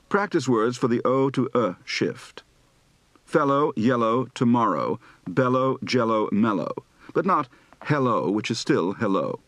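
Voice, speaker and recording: Man drilling Southern accents, lively pitch. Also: no echo. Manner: slow, deliberate repetition of word lists and sentences; switches between regional Southern US accents. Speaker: actor practicing accents.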